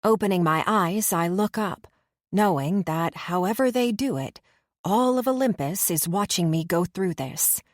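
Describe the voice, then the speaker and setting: Audiobook narrator: woman, lower register, measured first-person reading, dry booth. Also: animated, no echo.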